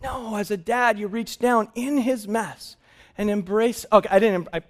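A man in his thirties preaching a sermon as pastor, telling a family story with animated laughs. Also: high-pitched, moderate pace.

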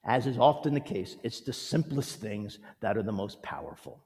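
A man preaching a sermon as a pastor, gentle and earnest, telling stories and leading prayer. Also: lowish voice, sing-song, normal speed, vocal fry. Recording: long hall reverb.

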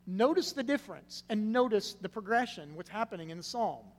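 High-voiced man preaching in a reverberant hall. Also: expressive, brisk. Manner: swings from loud emphatic stresses to hushed low phrases. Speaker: pastor. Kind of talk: sermon. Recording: long reverb with faint hum.

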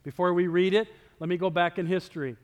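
A man preaching a sermon as pastor, talking conversationally and swinging between loud emphasis and near-whispers. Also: high-pitched, fairly even intonation, fast talker, smooth, big-room sound, dull audio. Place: church sanctuary.

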